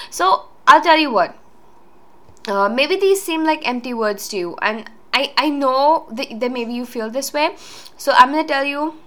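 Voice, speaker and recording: A woman speaks on her own show in a loose, rambling way. She is earnest and full of fillers and restarts. Her voice sits a little high. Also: a bit bright. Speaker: podcast host. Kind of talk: casual solo talk.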